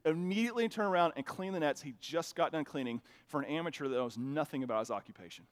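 A man with a notably high voice delivers a sermon from the pulpit. He keeps it conversational and chatty, then swells into emphatic, animated passages. He speaks into a microphone in a church. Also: quick pace. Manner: conversational preaching, builds to emphatic bursts. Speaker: pastor. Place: church sanctuary with a sound system.

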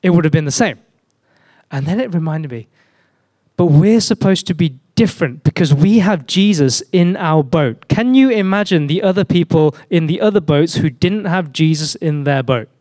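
A man preaches a sermon in a conversational tone and poses rhetorical questions. His voice sits fairly high. The sound is dry and close. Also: animated, moderate pace, a little mellow, dry recording.

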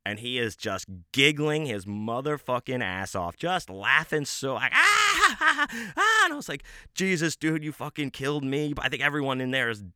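A man's voice: mid-range voice, normal speed, few pauses, bright, forceful tone, clear, resonant tone, no room sound, studio quality. A man hosting a podcast, telling a rambling, profane story in casual talk with many restarts and fillers. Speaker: podcast host.

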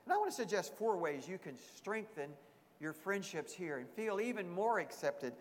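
High-voiced pastor preaching in a reverberant hall. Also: male voice, very animated, normal speed. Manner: earnest preaching with repeated emphatic phrases. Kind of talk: sermon.

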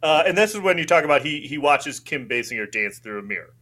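A man's voice: fairly high pitch, sing-song, fast, sharp tone. A man hosting a casual movie discussion podcast, laughing often and acting out mocking quotes. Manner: laughs a lot, exaggerated mock quotes. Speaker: podcast host.

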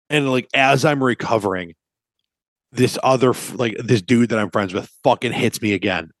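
A man in his thirties, a podcast co-host, chatting casually and telling animated, profane stories. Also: medium pitch, fairly quick, no room sound.

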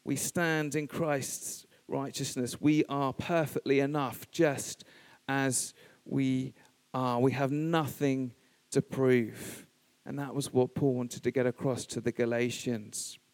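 A man preaching a sermon, speaking in measured, emphatic phrases with pauses. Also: medium pitch, fairly even intonation, darkish tone. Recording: reverberant church hall.

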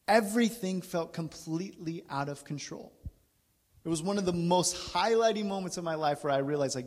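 Candid storytelling preacher in a reverberant hall. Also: male voice, a little high. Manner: candid, self-deprecating, laughs through the story. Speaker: guest speaker. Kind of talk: storytelling sermon.

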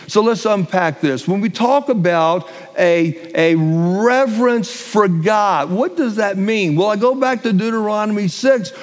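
A middle-aged man preaching a sermon as pastor, stressing key phrases and repeating them slowly. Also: sits high. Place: church sanctuary. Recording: long hall reverb.

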